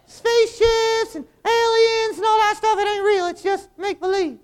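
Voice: very high voice, fairly even intonation, moderate pace, voice pushed up. A performer voicing a slangy, girl-crazy young guy who insists space is make-believe and keeps calling his partner dog. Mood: mock sorrowful. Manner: calls everyone dog, drawling slang, mock sympathy. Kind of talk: comedy double act.

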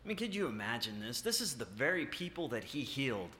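A man preaching a sermon, halting with many filler sounds and restarts, then rising with emphasis on key points. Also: medium pitch, big pitch swings, bright, forceful tone. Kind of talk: sermon with scripture reading. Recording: echoey room.

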